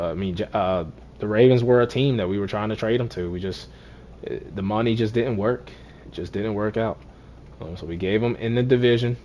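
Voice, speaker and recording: A man casually commentating his own football video game run, talking to himself, repeating lines and swinging between deflated and excited. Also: lowish voice. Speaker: gaming streamer.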